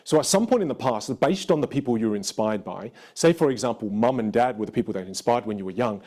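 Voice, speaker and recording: An Australian man in his thirties teaches from a stage with a playful, emphatic energy. His pitch swings widely as he leans into key points, sounding lively and animated. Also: fast, few pauses. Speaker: voice and communication coach.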